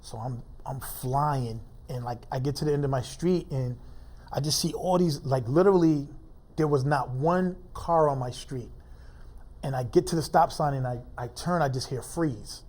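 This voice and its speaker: Male interview guest, mellow low-toned voice, informal halting delivery, heavy personal story. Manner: informal, halting speech with many fillers.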